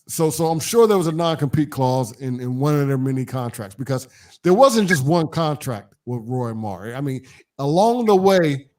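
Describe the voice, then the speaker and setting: A man's voice: on the high side, a little mellow. Rambling man hosting a podcast. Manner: rambling, many fillers and repeated starts. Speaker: podcast host. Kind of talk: casual chat.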